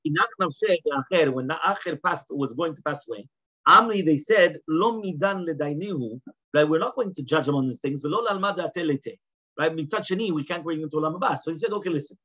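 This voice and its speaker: A man leads a casual Talmud class. His voice sits fairly high and sounds husky. He reads a line of Aramaic, then explains it in English with a steady run of "right?". The recording is dull and lo-fi. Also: fairly quick. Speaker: rabbi teaching Talmud.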